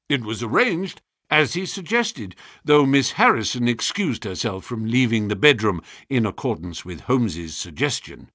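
A man giving scripted narration of a story in a measured storytelling manner. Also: mid-range voice, big pitch swings, sharp tone, slightly rough, dry recording, clean studio sound. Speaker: audiobook narrator.

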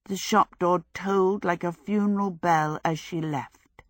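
Woman audiobook narrator, lower voice, unhurried. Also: fairly even intonation, no room sound, studio quality. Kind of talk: scripted narration.

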